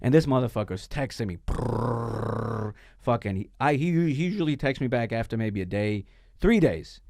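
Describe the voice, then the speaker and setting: A man's voice: medium pitch, moderate pace, vocal fry, no echo, clean studio sound. A man telling a story in casual podcast chat, swearing often and stumbling over restarts. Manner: profane, animated, stammering restarts. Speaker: podcast guest.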